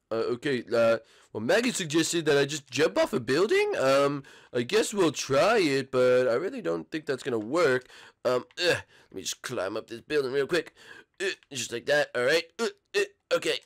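A man's voice: on the high side, sing-song, normal speed. A man voicing a panicky, mischievous ten-year-old cartoon boy in a fan role-play over gameplay, whiny and stammering. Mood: fretful. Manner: whiny and frantic, wailing and stammering.

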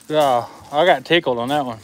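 A man's voice: a little high, a little hiss or hum. A father in casual, slangy banter, filming his son outdoors near a running vehicle. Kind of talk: casual chat.

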